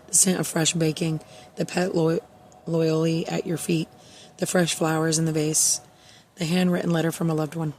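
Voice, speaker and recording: Soft-spoken woman giving a tarot reading. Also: deep voice, slight background noise. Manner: soft-spoken, reassuring, many fillers. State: emotional, near tears. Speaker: tarot reader. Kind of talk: casual spiritual tarot reading with read-aloud passages.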